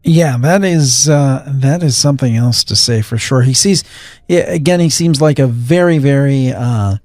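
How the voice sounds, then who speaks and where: A man's voice: medium pitch, normal speed, darkish tone, no room sound, clean studio sound. A man hosting an interview, asking the guest questions with many ums and uhs. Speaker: host.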